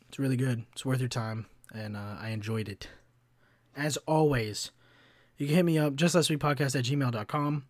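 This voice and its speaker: A young man talks through his solo podcast at an easy, rambling pace, peppering his speech with curses and fillers. His voice sits at a middling pitch and sounds dry and close, with no room echo. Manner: loose and profane, heavy with fillers like "um" and "like". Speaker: podcast host. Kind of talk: casual solo podcast monologue.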